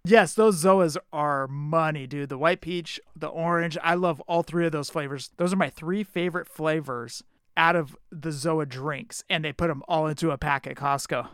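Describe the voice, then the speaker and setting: A man's voice: on the high side, steady tone, normal speed, fairly bright tone, clean tone, no room sound, clean studio sound. A young man hosting a casual podcast, telling stories in an easygoing, enthusiastic way. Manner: enthusiastic, laid-back storyteller. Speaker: podcast host. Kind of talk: casual chat.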